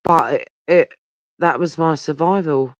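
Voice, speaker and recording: A man's voice: fairly high pitch, a little slow, no echo. A man, chatting casually and tiredly to viewers on a livestream, rambling and swearing, holding the phone very close. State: tired and yawning. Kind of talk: casual live chat with viewers. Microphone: phone held very close. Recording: dull, lo-fi, dry phone audio.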